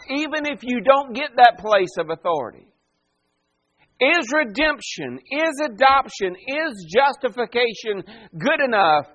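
A pastor with an extremely high-pitched, sharp voice preaches a sermon. He dramatically acts out the voices of the people he quotes and presses his listeners with rhetorical questions.

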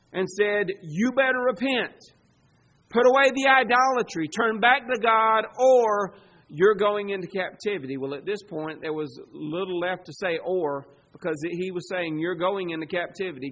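High-voiced preacher. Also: male voice, poor audio. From Southern United States. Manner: animated preaching, swings between loud emphasis and quiet asides. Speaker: pastor. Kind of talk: sermon.

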